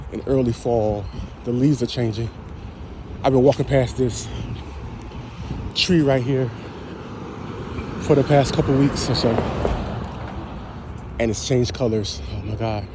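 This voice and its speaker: A man's voice: medium pitch, a little slow, long pauses, noisy background. Upbeat man vlogging on a walk. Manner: upbeat and encouraging, addresses viewers directly. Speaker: health and wellness vlogger. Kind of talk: casual motivational vlog. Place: outdoors, walking on a route with trees.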